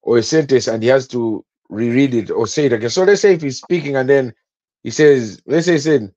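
A man's voice: medium pitch, a little fast, darkish tone, no echo. Joking man, dull dry recording. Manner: joking, repeats himself. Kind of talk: casual chat.

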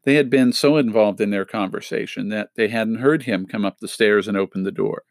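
Low-voiced man reading a story aloud. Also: a little fast, creaky, no echo. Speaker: audiobook reader. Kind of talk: reading a children's novel aloud.

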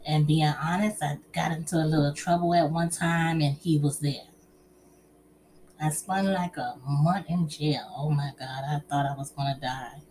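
A low-pitched, unhurried middle-aged woman talks to an audience about her own life and gives relationship advice, chatty and expressive, with "honey" and "child" sprinkled throughout. Slight background noise can be heard.

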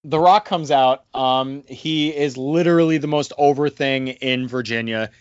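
A man co-hosting a casual wrestling recap podcast, talking animatedly and slipping into excited impressions now and then. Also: medium pitch, a little slow, clear, resonant tone, dry recording, lo-fi sound. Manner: animated, breaks into excited mimicry. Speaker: podcast co-host.

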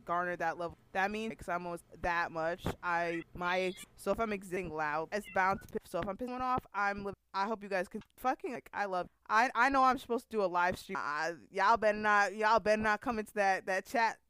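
A woman's voice: medium pitch, a little fast, hardly any pauses, a bit bright, a little hiss or hum. A woman co-hosting a casual podcast chat, blunt and profane, often giggling. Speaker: podcast co-host.

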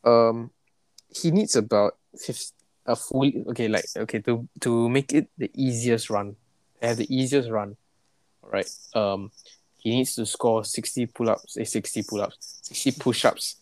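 A man's voice: medium pitch, steady tone, a little slow, no echo. A young man with a Singaporean accent co-hosting a casual podcast chat. He is laid-back and playful, and he talks in loose, restarting sentences. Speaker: podcast co-host.

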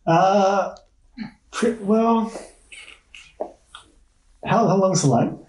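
A man's voice: sits high, very slow, darkish tone. A man playing a tabletop role-playing game, talking in an easygoing, slightly hesitant way. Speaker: player. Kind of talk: casual tabletop play. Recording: echoey room, faint noise.

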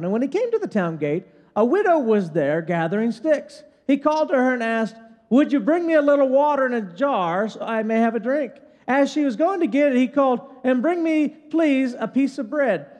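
Older male pastor, very high-pitched, animated conversational sermon, long hall reverb. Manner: animated, conversational preaching with frequent "right?".

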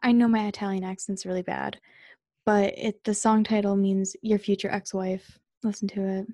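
A woman's voice: mid-range voice, little pitch movement, moderate pace, warm tone, no room sound, clean studio sound. A woman in her twenties co-hosting a podcast in casual chat, talkative and self-deprecating, recorded at home. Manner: chatty, self-deprecating, giggly. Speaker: podcast co-host. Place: home room, fan running.

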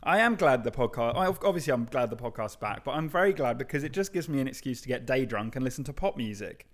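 Man in his twenties to thirties, relaxed podcast co-host, easy laughs. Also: medium pitch, fast talker. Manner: chatty, laughs often, trails off and restarts. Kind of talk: casual podcast chat.

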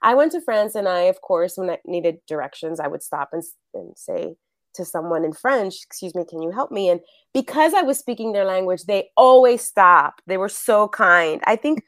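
A woman's voice: medium pitch, expressive, normal speed, a bit bright, no echo, clean studio sound. A middle-aged woman from the Bronx, an actress and acting teacher, chatting animatedly as a guest and laughing often. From The Bronx, New York. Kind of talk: casual interview chat.

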